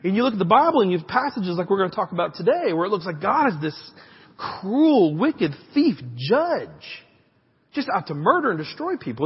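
A pastor preaching a conversational sermon, with frequent direct asides to the congregation. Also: male voice, high voice, husky, big-room sound, highs cut off.

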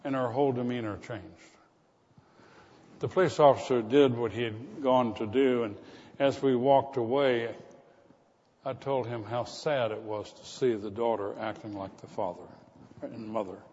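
Storytelling preacher in a reverberant church. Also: male voice, mid-range voice, fairly even intonation, unhurried, a little mellow, slight background noise. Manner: storytelling preacher, rising to emphatic repetition. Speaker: pastor. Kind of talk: sermon. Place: church sanctuary. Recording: muffled church recording with long reverb.

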